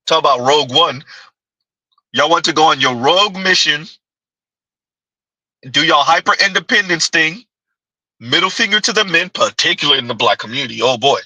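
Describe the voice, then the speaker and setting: Bright mocking male commentator. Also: fairly high pitch, normal speed, long pauses, dry recording, rough recording. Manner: mocking, keeps asking "Huh?". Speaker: commentary host. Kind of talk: reaction commentary.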